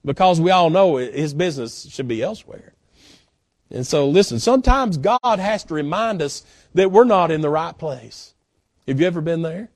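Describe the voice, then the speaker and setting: A man's voice: on the high side, expressive, moderate pace, darkish tone, no room sound, clean studio sound. A male guest pastor preaching a sermon in a folksy, emphatic way, with frequent "uh" fillers. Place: church.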